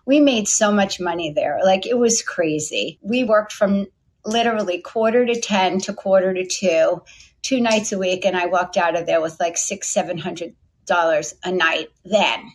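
A woman's voice: on the low side, moderate pace. Chatty middle-aged woman telling a story. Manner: chatty, lively storyteller acting out quoted voices. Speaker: guest, company founder. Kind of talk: storytelling interview answer.

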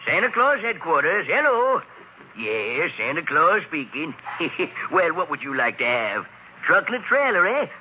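A man's voice: fairly high pitch, very animated, a little slow, a little hiss or hum. An older man playing a kindly, busy Santa Claus who talks heartily with chuckles in a 1940s radio drama. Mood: jolly. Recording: tinny old radio recording.

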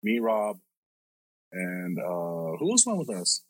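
A man's voice: sits low, wildly swooping pitch, slow, dry recording, rough recording. A male podcast host telling a story casually, rambling and swearing with lots of filler words.

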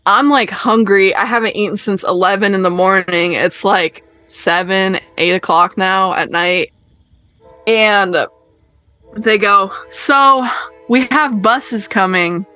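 A woman's voice: mid-range voice, a little slow, faint music behind. A young woman casually telling a story on a podcast, acting out the other people in it. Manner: animated, acts out other people's voices.

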